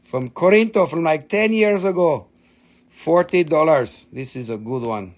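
A man's voice: on the high side, expressive, measured pace. A man hosting a live rock and mineral sale, chatting casually, joking, swearing and laughing often while slipping into funny accents. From Appalachian Valley, United States. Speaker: host selling rocks and minerals on a live stream. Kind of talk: casual live-stream sales chat.

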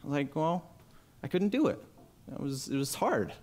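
A young man giving a conference talk, telling a personal story in a lively, casual way and acting out the voices of people he quotes. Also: fairly high pitch, normal speed. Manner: animated, acts out quoted voices. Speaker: conference speaker. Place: talk venue with live audience. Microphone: headset mic.

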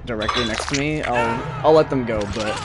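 A young man giving live commentary on his own gameplay, muttering under his breath one moment and yelling out the next. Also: mid-range voice, moderate pace. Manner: excitable, swings between mutters and loud outbursts. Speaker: streamer. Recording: loud game music underneath.

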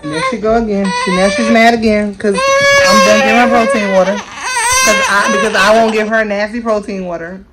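A young woman chatting casually to her viewers in a vlog, playful and quick to laugh. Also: medium pitch, big pitch swings, loud music behind the voice, poor audio. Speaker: vlogger.

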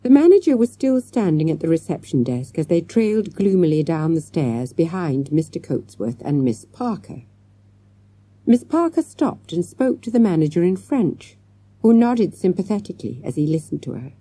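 A woman narrating a children's mystery audiobook in a lively, expressive storytelling manner. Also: deep voice, normal speed, slightly rough, no echo. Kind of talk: scripted narration.

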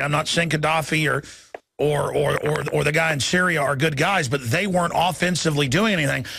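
A middle-aged man hosting a political talk radio show, urgent, rapid-fire and indignant. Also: fairly high pitch, gravelly, sharp tone, dry recording.

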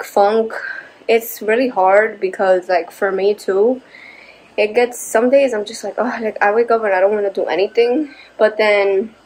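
A young new mother talks casually to camera at home for a vlog, out of breath after a workout, chatty and encouraging with lots of fillers. Her voice is mid-range with a darkish tone, and the recording quality is low.

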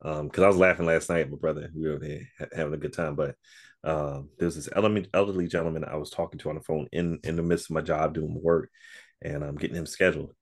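Talking at a quick pace in a very deep voice with fairly even intonation, this man is guesting on a podcast while co-hosting a different one. He chats casually in the interview, telling relaxed stories and laughing a lot.

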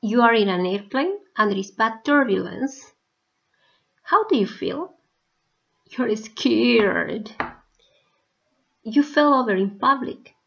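Teacher, female, higher voice, deliberate spaced-out delivery for learners, muffled low-fi audio. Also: expressive, creaky, fairly bright tone. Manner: slow, carefully spaced words for learners. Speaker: English teacher. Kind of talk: slow recorded video lesson. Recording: dull lo-fi recording.

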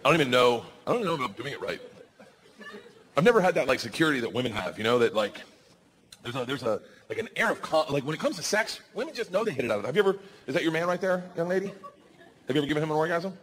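A man performs a stand-up set on a stage with a handheld mic, telling stories loud and fast. His voice sits fairly high and swings wildly up and down. Clear room noise from the live audience runs under him. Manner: loud, animated storytelling with swearing and acted-out voices. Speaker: stand-up comedian.

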